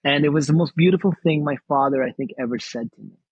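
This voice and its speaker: A male actor, a guest on an interview show, telling a personal story in a soft, halting way with many restarts. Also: a little high, husky, no room sound, muffled recording. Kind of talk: reflective storytelling.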